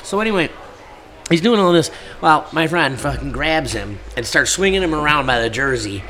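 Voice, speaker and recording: A man's voice: a little high, lively intonation, moderate pace, sharp tone. A man from the Buffalo area telling a rowdy tailgating story in casual chat, laughing and acting out the quotes.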